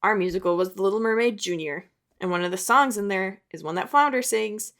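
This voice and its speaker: A woman's voice: mid-range voice, expressive, brisk, sharp tone. A young adult woman, an artist and video creator, talking in a chatty, rambling way with self-mocking asides. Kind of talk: casual chat.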